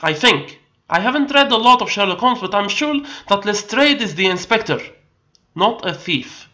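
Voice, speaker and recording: A woman streamer reading a game aloud and commenting in a chatty, excitable way that trips over words. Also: mid-range voice, normal speed. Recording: loud game music behind.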